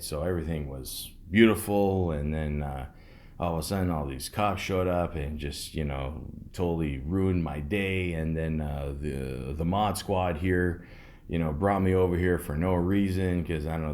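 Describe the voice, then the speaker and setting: Deep-voiced man, rambling and sardonic. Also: a little mellow. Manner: rambling, sardonic, profane, many fillers. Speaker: podcast host. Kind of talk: casual storytelling.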